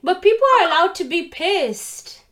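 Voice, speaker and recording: A woman chatting casually, telling a story with lively acted-out voices of other people. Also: very high-pitched, normal speed. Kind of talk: casual chat.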